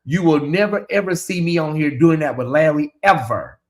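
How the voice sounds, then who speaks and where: A man's voice: fairly high pitch, normal speed. A man giving casual livestream commentary, dramatic and teasing, talking straight to his chat.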